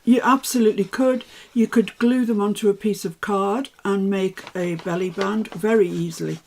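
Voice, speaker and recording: Gravelly older woman. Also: mid-range voice, fairly even intonation, moderate pace, darkish tone, a little hiss or hum. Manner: chatty, self-mocking asides. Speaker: craft tutor. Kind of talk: live craft demonstration.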